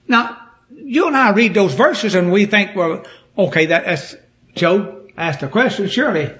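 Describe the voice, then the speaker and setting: A man's voice: high voice, very animated, measured pace, a bit bright. A male preacher, delivering a fervent sermon that builds in force and repeats its key phrases.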